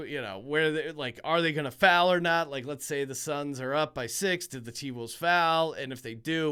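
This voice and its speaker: A man hosting a sports betting show, giving his picks in a conversational way with many fillers and quick asides. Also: fairly high pitch, a bit bright, clean tone. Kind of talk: casual betting picks commentary.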